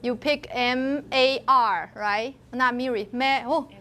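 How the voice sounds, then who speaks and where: Taiwanese woman teaching a class, high voice, chatty, asks lots of questions. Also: slow, sharp tone. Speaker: university lecturer. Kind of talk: classroom lecture.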